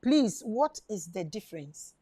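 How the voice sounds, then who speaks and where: A woman hosting a live call-in show, brisk and encouraging, with frequent affirmations. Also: medium pitch, big pitch swings, warm tone, husky. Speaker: radio show host.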